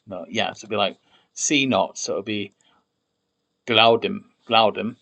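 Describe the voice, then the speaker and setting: A man with a fairly low voice talks through his work at an unhurried, drawn-out pace. He mutters, trails off and repeats words under his breath as he tries them out, typing as he thinks aloud on a stream. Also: steady tone, vocal fry, bright, forceful tone. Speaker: conlang streamer.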